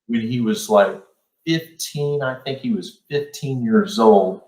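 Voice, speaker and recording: A man's voice: mid-range voice, takes it slowly, darkish tone. A middle-aged man hosting a casual storytelling chat, laid-back and rambling with plenty of fillers. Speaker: podcast host. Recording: roomy echo.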